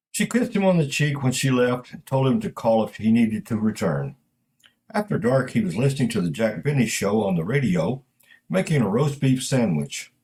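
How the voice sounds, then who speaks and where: A man narrating a detective story in a steady, matter-of-fact way. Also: fairly low pitch, rough recording.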